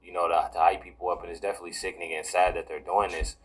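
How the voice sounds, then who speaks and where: A man with a very low, deep voice talks casually to his viewers in reaction commentary. He repeats himself often and fills every pause with "you know" and "y'all". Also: little pitch movement, poor audio. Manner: repetitive, heavy use of "you know" and "y'all". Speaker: political commentary vlogger.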